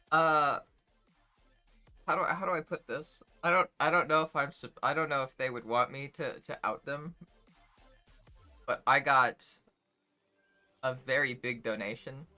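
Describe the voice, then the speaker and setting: A young woman streaming from home, talking loosely with her chat in a bright, forward voice. She sounds emotional, close to tears, and swears freely. Soft music plays faintly behind her. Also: a bass voice. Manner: chatty, swears freely, reads chat aloud. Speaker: livestreamer. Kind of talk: casual chat with stream viewers.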